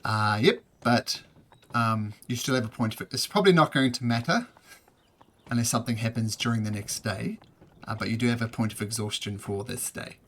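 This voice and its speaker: A man running a tabletop game as game master, narrating in a relaxed way with many ums and uhs. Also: mid-range voice, normal speed.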